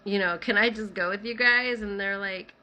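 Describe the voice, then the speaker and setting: Bright-voiced woman telling a personal story. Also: medium pitch, steady tone, normal speed. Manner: conversational, many "like" fillers. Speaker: vlogger telling her own story. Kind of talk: casual first-person storytelling.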